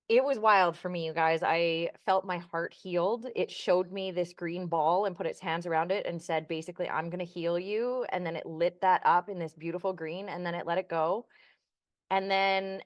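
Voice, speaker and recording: A woman's voice: fairly low pitch, no echo. Earnest woman telling a personal story. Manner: earnest storytelling, acts out remembered dialogue. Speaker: podcast co-host. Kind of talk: casual chat.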